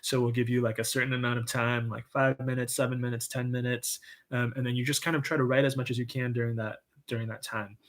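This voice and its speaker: A man hosting a casual livestream, reading viewer comments with an upbeat, encouraging manner, lots of "um" and soft laughs. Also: mid-range voice, little pitch movement, quick pace. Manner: chatty and enthusiastic, frequent "um" and soft laughs; says "y'all", upbeat and encouraging. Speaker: livestream write-in host.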